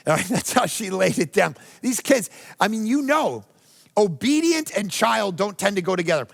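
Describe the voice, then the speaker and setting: Animated high-voiced gravelly male preacher. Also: moderate pace, big-room sound. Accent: Canadian. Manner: animated, acts out whiny voices and jokes. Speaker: pastor. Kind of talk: sermon.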